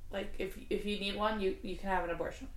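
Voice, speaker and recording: A woman's voice: mid-range voice, fairly even intonation, fast talker. A woman co-hosting a casual podcast, recounting a case in chatty talk full of "like" and the odd swear. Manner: chatty, heavy use of "like", swears freely. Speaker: podcast co-host. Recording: roomy echo.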